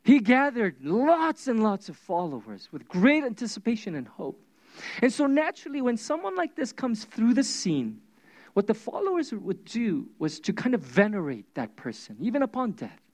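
A preacher giving a sermon, retelling scripture as animated storytelling with casual asides. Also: mid-range voice, normal speed, no echo.

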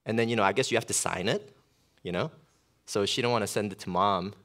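A man's voice: lowish voice, fast talker, fairly bright tone. A middle-aged male pastor preaching a sermon in a conversational way, with lots of fillers and storytelling.

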